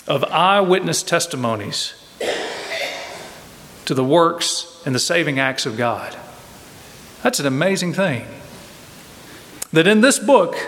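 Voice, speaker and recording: A male pastor preaches with emphatic, rhythmic refrains that climb as he presses each point. His voice sits slightly high for a man. The sound carries the long echo of a large church hall. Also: fairly bright tone. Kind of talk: sermon.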